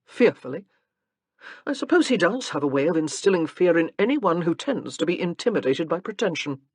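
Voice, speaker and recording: A woman's voice: on the low side, very animated, brisk, a little mellow, slightly rough, dry recording. A woman voicing a protective young nobleman with a rueful, dryly humorous manner in an audiobook. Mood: wry. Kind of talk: audiobook character reading.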